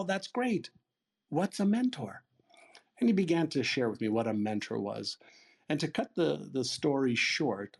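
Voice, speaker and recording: A man in his sixties telling a long personal story in an interview, acting out the dialogue with a casual, blunt manner. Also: medium pitch. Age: 60s. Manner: lively retelling, acting out quoted dialogue, casual swearing. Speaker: interview guest. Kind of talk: storytelling in a conversation.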